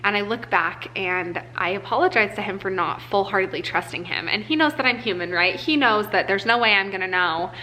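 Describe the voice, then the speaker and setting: A woman's voice: medium pitch, fairly quick, hardly any pauses, bright, forceful tone, a little hiss or hum, rough recording. A young woman telling an earnest, emotional personal story in a casual vlog, full of "like" fillers. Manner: casual speech with frequent "like" fillers. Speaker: vlogger. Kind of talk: personal life update vlog.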